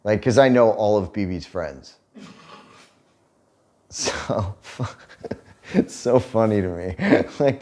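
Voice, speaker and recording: A man's voice: fairly low pitch, takes it slowly, pauses often. A man in his thirties, casually telling a story on a couple's vlog, swearing freely and laughing as he goes. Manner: profane, animated retelling with laughter. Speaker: vlog co-host.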